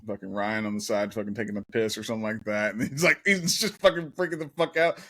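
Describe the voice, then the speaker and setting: A man's voice: medium pitch, a little fast. Swearing, laughing male podcast host. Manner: swears a lot, laughs while telling stories. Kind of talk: casual podcast chat.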